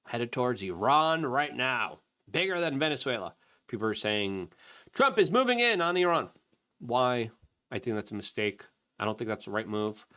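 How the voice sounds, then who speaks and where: A man hosting opinionated political commentary, emphatic and repeating points for stress. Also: mid-range voice. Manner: emphatic, animated, repetitive for emphasis.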